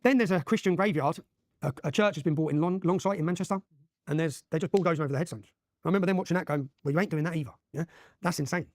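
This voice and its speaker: A man in his forties with an English accent. As an interview guest he tells his story urgently and emphatically, often checking in with a quick "yeah?". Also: a little high, no echo, studio quality. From England. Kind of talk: impassioned storytelling in a podcast interview.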